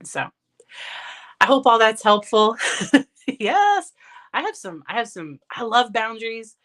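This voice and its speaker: A woman's voice: a little high, very animated, a little slow, fairly bright tone. A woman psychologist talking casually in a livestream Q&A, chatty and candid, laughing often and restarting sentences, recorded on her phone. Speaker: licensed psychologist and parent.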